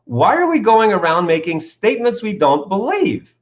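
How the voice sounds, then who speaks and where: An enthusiastic man being interviewed, with a slightly high voice. He tells animated stories and asks rhetorical questions. The audio is dull and lo-fi, like a call recording. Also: moderate pace. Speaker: author and coach, interview guest.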